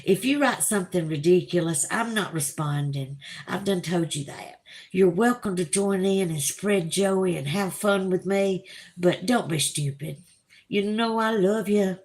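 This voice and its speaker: Slow-drawling Southern woman livestreamer. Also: lowish voice, a little mellow. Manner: chatty, drawling, reads comments aloud slowly. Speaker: livestream host reading chat. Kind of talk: casual livestream chat.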